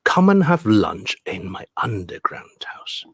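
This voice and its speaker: A man's voice: on the low side, very animated, takes it slowly, husky, no room sound, studio quality, exaggerated voice. A man voicing a sly, hungry male fox in a storybook reading. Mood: coaxing.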